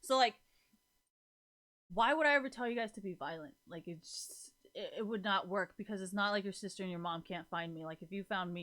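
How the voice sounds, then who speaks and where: Bright-voiced woman streamer, swearing freely. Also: on the low side. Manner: rambling, heavy swearing, frequent laughter. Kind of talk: casual chat to viewers.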